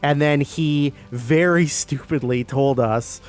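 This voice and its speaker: A man telling a long casual anecdote as a guest, full of fillers and quick retellings of what others said. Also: a little high, a little mellow. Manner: rambling anecdote with many fillers and acted quotes. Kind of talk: casual storytelling.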